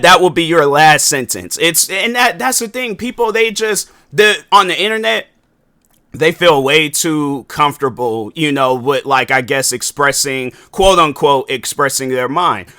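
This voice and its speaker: Bright, high-ish casual man. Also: smooth, no room sound, clean studio sound. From Washington, US. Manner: loose, conversational, repeats and restarts often. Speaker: podcast host. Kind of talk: casual solo podcast monologue.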